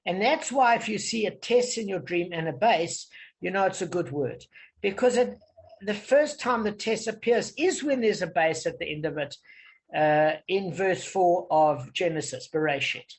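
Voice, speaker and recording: A man's voice: sits high, animated, normal speed. A man from Africa, leading an online Talmud study group and explaining patiently, often checking that everyone follows. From South Africa.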